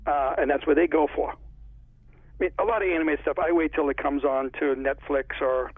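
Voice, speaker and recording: A man's voice: on the high side, fairly even intonation, normal speed, no room sound. A man with a Connecticut accent, an author chatting in a casual interview and rambling through stories. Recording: tinny phone line, husky.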